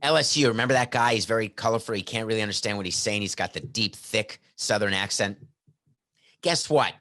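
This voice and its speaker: Man, middle-aged, sports talk host, wry rhetorical jokes, crisp bright tone, headset mic. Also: mid-range voice. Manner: sarcastic, joking, asks rhetorical questions. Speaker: podcast host. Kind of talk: casual sports talk monologue.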